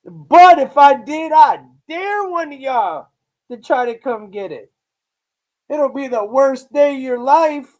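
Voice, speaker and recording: A man's voice: very high voice, animated, a little mellow. A man from Ohio hosting a live reaction stream. He talks casually and bluntly, swears, brags, repeats himself and uses slang like "bro" and "dude". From Lakewood, Ohio, US. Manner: slow, drawn-out talk with frequent repeats and restarts.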